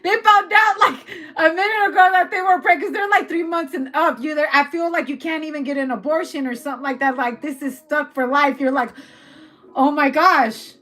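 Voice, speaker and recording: A woman with a high, bright voice chats through a tarot reading in a loose, profane way, laughing often. Her delivery is casual and unscripted. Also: fairly even intonation, brisk, few pauses. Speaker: tarot reader.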